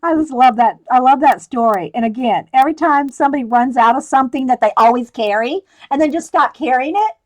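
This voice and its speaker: A woman's voice: high voice, brisk, hardly any pauses. A woman in her sixties hosting a live stream, chatting and laughing casually while she colors and reads the live chat aloud.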